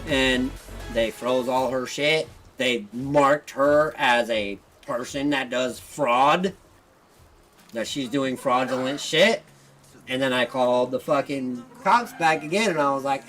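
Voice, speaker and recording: A man's voice: medium pitch, unhurried, fairly bright tone, rough recording. A man hosting a gaming video, telling a story as a casual, heated, profane rant. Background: faint background music.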